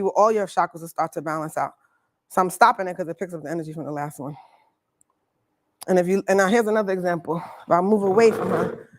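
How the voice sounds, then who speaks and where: A woman's voice: on the low side, no echo. Chatty woman leading a workshop. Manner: chatty, laughs often, casual slang. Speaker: Reiki coach leading a workshop. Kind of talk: live workshop demonstration. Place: workshop room with an audience.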